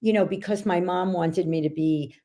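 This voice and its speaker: A woman speaking as a podcast guest, telling her stories in an animated way and laughing often. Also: lowish voice, normal speed. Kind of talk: casual podcast conversation.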